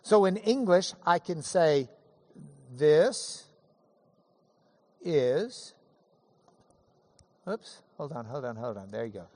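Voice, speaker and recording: A man delivers a sermon in a conversational teaching manner and keeps dropping into offhand asides. His pitch rises and falls with plenty of movement. The sound carries a long reverb, as if it came from a large church hall. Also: moderate pace, hardly any pauses. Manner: lively, conversational preaching with asides. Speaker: pastor.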